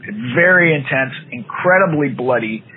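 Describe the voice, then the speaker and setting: A man co-hosts a podcast, chatting casually as he rants in exasperation about TV shows and drops into playful voiced quotes. His medium-pitched voice is animated and moves at a normal speed. The recording sounds tinny, like a phone, with faint noise.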